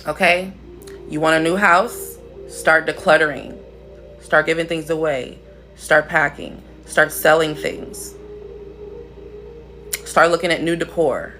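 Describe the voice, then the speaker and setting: A woman's voice: low-pitched, steady tone, slow pace, pauses often, bright, forceful tone. A woman hosts a casual spiritual livestream. She teaches bluntly and playfully and swears freely. Faint music plays behind her. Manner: blunt, profane, playful, laughs often.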